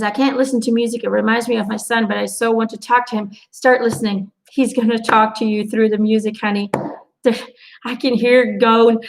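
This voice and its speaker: A woman's voice: a little high, vocal fry, low-quality recording. A middle-aged woman giving a live angel card reading, chatting casually and speaking reassuringly to her viewers. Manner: chatty, animated storytelling with quoted asides; reassuring, addresses viewers directly. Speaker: intuitive card reader.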